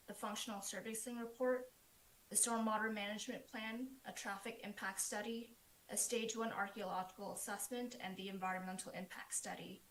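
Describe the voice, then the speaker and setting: A woman planner reads steadily through a formal prepared report. Her voice comes over a remote call with a roomy echo and a faint hiss behind it. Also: fairly high pitch. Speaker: planner presenting a proposal. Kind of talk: formal presentation. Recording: echoey remote call audio.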